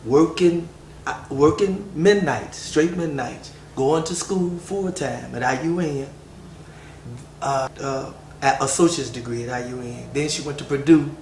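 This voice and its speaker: A man's voice: medium pitch, measured pace, darkish tone. Man reminiscing in an echoey room. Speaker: family member remembering his mother. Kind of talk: candid family conversation. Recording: roomy, distant mic, faint hiss.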